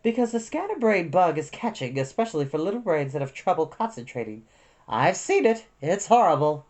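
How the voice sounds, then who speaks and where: A woman's voice: fairly low pitch, very animated, brisk, a little mellow. A woman voicing a stern, scolding schoolteacher who talks in a clipped way.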